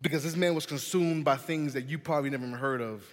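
A young man giving a youth sermon, telling a personal story in an animated, chatty way and often saying "man" and "listen". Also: on the high side, quick pace. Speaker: youth pastor. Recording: long hall reverb.

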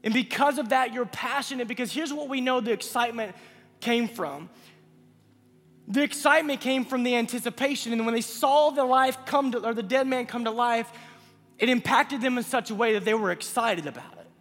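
A man preaching a youth sermon, moving between quiet pleading and loud calls. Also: very high-pitched, brisk, long reverb tail. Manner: builds from hushed pleading to loud shouting. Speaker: youth pastor.

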